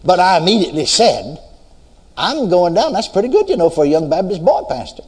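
A man's voice: sits high, very animated, brisk, a little mellow, slightly rough, big-room sound. A man preaching a sermon, telling his story and quoting scripture in a swinging preaching cadence.

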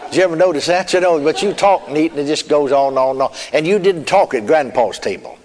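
A man's voice: a little high, expressive, fast talker, some chatter behind. A man preacher telling a testimony in a folksy storytelling manner, chuckling and adding amen. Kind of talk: sermon testimony. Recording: long hall reverb.

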